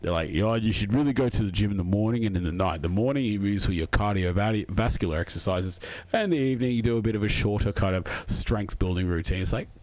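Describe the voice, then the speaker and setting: A man's voice: lowish voice, quick pace, darkish tone, dry recording. A man chatting casually as he reads out viewer messages, rambling and friendly with lots of fillers. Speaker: streamer reading chat. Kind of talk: casual live chat.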